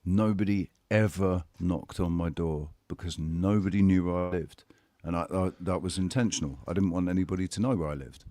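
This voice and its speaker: A man's voice: deep voice, dark tone, dry recording. A man telling a personal story in casual chat, blunt and candid, swearing and often restarting his sentences. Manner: halting, with frequent restarts.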